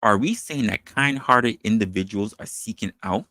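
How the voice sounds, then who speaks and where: A man hosting an opinion show, talking in an animated, rhetorical way and posing questions to his audience. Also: fairly low pitch, moderate pace, no room sound, clean studio sound. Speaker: podcast host. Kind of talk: opinion commentary monologue.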